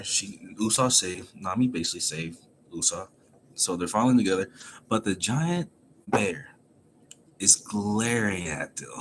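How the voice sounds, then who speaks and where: A man with a low voice recaps a comic chapter in a loose, casual way. He is animated and laughs often as he tells the story. A faint hum of ambience sits behind him. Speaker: manga chapter reviewer.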